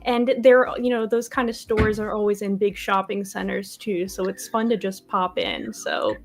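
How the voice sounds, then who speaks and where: A woman with an average-pitched voice chats easily as a guest on a live call. Her tone is friendly and relaxed, with casual fillers. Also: normal speed, gravelly.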